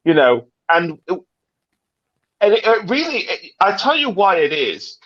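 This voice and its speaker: A British man in casual livestream chat, talking in an animated, dramatic, rambling way with many restarts. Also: high-pitched, a little slow, no echo, dull audio. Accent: British English. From Britain. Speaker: livestream panelist.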